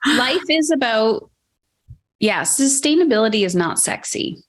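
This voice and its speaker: A woman hosting a podcast interview, chatting casually and acting out her own inner voice with animated quotes. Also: on the high side, measured pace. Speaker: podcast host.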